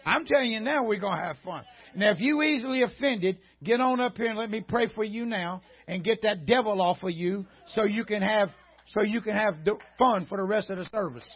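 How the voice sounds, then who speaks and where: A man preaching a sermon as a guest preacher in a church, moving between joking folksy banter and shouted preaching. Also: sits high, brisk, husky, muffled recording. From rural Southern United States. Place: church sanctuary before a congregation.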